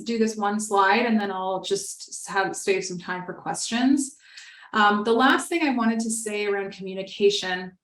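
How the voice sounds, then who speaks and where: A woman's voice: mid-range voice, reverberant. A woman giving an explanatory webinar talk in a conversational way, acting out bits of example dialogue as she teaches. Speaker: webinar presenter.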